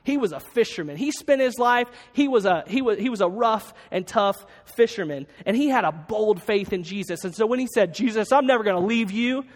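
High-pitched pastor guy preaching, lots of restarts, big church reverb. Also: animated. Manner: earnest, halting, with many restarts. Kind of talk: sermon.

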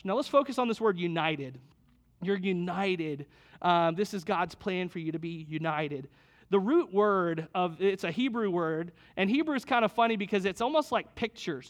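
A middle-aged man preaching a sermon to couples in a conversational way, repeating key lines and joking with his listeners. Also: sits high. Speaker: pastor.

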